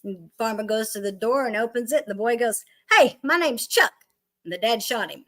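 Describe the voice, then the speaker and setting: A woman's voice: on the high side, fast talker. A woman co-hosting a casual chat, telling a joke in a giggly, rambling way and losing her place. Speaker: podcast co-host.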